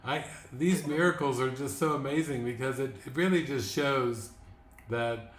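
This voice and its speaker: A man of middle pitch talks about faith in an earnest, unhurried way, sometimes repeating a word as he goes. The room around him is roomy and echoing. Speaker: spiritual teacher hosting a live talk. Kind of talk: casual spiritual conversation. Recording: echoey room.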